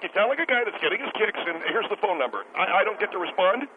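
A man doing a self-important, stammering restaurant boss who rants indignantly down a tinny, hissing phone line. His voice sits high for a man, and he keeps circling back to how he was wronged. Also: lively intonation, fast. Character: bitter, self-important male restaurant owner caller. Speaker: caller on a talk show.

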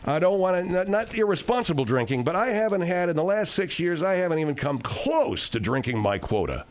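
A man's voice: high-pitched, big pitch swings, a little fast. A man hosting a radio talk show, telling rambling, digressive stories with frequent restarts.

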